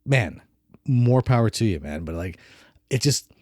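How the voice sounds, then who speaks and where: Man, film podcast co-host, mellow dark voice, opinionated, rambling, dry recording. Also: on the low side, lively intonation, measured pace, no room sound. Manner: opinionated, rambling, full of restarts. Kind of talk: casual film review chat.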